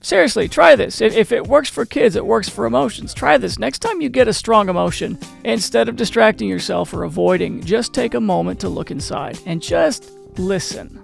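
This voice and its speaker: A man with a fairly high voice and a lot of gravel and fry in it talks casually to camera, hosting his own channel. He repeats himself, restarts sentences, and keeps turning questions back to the viewer. Faint music sits underneath. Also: normal speed. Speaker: channel host.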